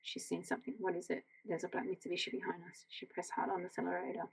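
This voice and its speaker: An Australian woman reading a novel aloud as a bedtime story, in a quiet, gentle voice that slips into whispers. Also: on the low side, flat delivery, fast, gravelly, slightly rough, rough recording. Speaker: audiobook reader.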